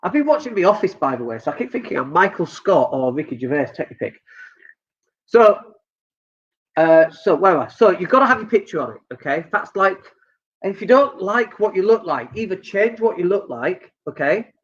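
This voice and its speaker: A man's voice: high-pitched, big pitch swings, moderate pace, slightly rough, lo-fi sound. A Northern English man giving blunt, joking business advice during a live stream. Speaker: business coach.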